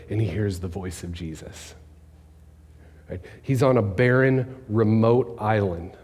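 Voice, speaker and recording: A man preaching a conversational sermon, asking the congregation questions and dropping his voice low for emphasis. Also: darkish tone, husky. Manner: conversational preaching, rhetorical questions, drops to near-whisper for emphasis. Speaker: pastor. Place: church sanctuary. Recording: long hall reverb.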